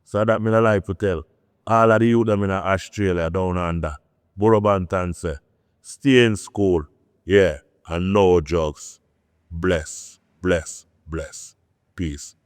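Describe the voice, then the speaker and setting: A man's voice: low-pitched, steady tone, slow, smooth, no echo. A man with a Jamaican accent, speaking in patois as a dancehall deejay giving an interview and chanting a radio jingle. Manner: rhythmic patois, chanting and laughing. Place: studio.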